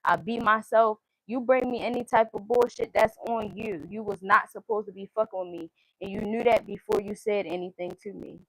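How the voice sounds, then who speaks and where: A woman's voice: mid-range voice, fairly even intonation, moderate pace, hardly any pauses, no echo, rough recording. Woman, tarot reading, blunt, swears freely, chants card meanings, dry close sound. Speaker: tarot reader.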